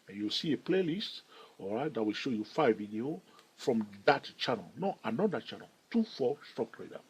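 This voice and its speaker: A man's voice: mid-range voice, breathy edge, rough recording. A man hosting a stock trading channel, explaining charts and chatting jokily with viewers, checking in often with "all right?". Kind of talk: chart analysis tutorial.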